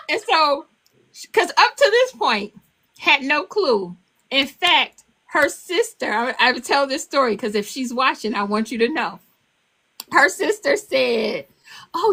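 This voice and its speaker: An older woman chatting as an interview guest, with a high, lively, bright voice that swoops up and down. She talks casually and animatedly, laughing as she tells her stories. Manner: animated, laughing, acts out quotes in a high child voice. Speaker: author and guest.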